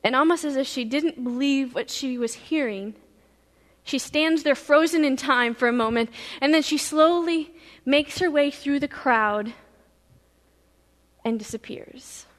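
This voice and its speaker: High-voiced woman pastor telling a story. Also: measured pace, long reverb tail. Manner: vivid, shifting between loud and hushed. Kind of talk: dramatic first-person storytelling sermon.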